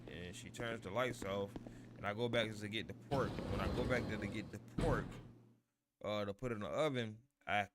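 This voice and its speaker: Male streamer, 30s, low voice, casual and rambling, with noisy game sound underneath. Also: brisk. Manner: rambling, repeats "you feel me" constantly. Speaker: gaming streamer. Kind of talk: casual storytelling over gameplay.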